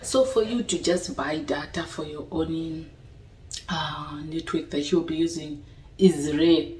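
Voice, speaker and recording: Talking casually to her viewers, a young woman keeps asking "you understand?" in a low, darkish voice that stays fairly even and slow. Recorded from a distance, she sounds a little off-mic in an echoey room.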